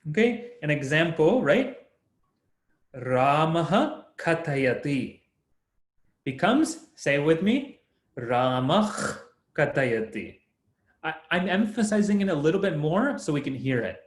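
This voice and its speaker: A man's voice: fairly high pitch, animated, moderate pace, hardly any pauses. A young man teaching a Sanskrit class over a video call, patiently explaining step by step and often laughing. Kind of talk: online class lesson. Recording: echoey room.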